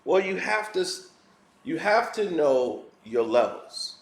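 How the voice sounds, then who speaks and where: Heated high-voiced man ranting. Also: very animated, slow pace. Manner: blunt, heated and preachy. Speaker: commentary vlogger. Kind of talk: ranting opinion commentary. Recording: roomy echo.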